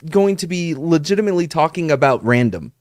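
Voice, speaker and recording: A man co-hosting a podcast, teasing the others with quick laughs in casual banter. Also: fairly high pitch, expressive, darkish tone, dry recording, studio quality. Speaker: podcast co-host.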